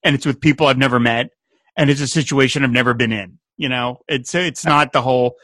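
A man's voice: mid-range voice, a little fast, dry recording. A man co-hosting a podcast, casually recapping a TV episode and quoting the characters in playful voices. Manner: animated retelling, quotes characters in playful voices. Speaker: podcast co-host.

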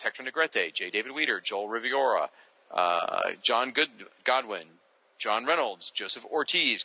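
A man hosting a podcast, casually reading out listener shout-outs and stumbling over names now and then. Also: medium pitch, dry recording, low-quality recording. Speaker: podcast host.

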